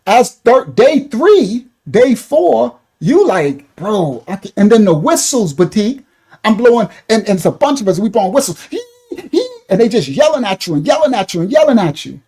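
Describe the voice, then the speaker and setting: A man's voice: high-pitched, dark tone, husky. A man giving loose, repetitive livestream commentary, talking to his chat viewers by name. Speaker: online commentator.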